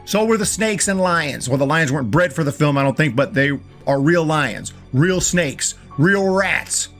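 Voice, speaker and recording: Excitable man reviewing a film. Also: on the high side, normal speed, soft background music. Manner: enthusiastic, restarts and repeats words often. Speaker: movie reviewer. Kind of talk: casual movie review.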